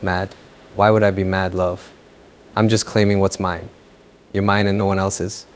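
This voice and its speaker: A man voicing a possessive, menacing young lover who taunts slowly in an audio fan fiction story. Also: low-pitched, level tone, slight background noise, close to an everyday voice. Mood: hushed menace. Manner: slow, taunting, mocking.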